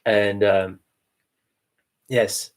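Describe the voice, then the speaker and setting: A man speaking as a guest in a reflective, spiritual way, thoughtful and unhurried, with hesitant fillers. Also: lowish voice, level tone.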